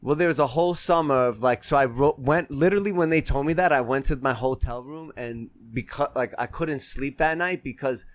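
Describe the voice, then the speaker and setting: A man, an actor and filmmaker, talking as a guest in a relaxed, rambling way. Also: mid-range voice, brisk, few pauses. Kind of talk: casual interview.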